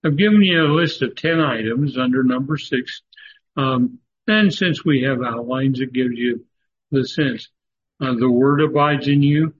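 A man teaching a Bible study lecture, halting often with fillers and stressing words for emphasis, on a dull lo-fi recording. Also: mid-range voice. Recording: dull lo-fi recording with faint noise.

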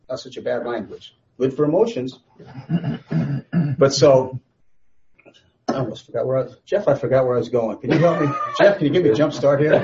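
A man's voice: medium pitch, a little mellow, a little hiss or hum. A man teaching a Bible study in a conversational, rambling way, often restarting his sentences. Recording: slightly dull lo-fi recording.

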